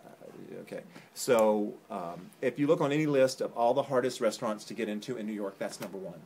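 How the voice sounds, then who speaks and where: Co-hosting a casual vlog filmed on a phone camera at home, a man tells a rambling, joking story. His voice sits on the low side, with a darkish, creaky, slightly rough tone, and he talks a little fast.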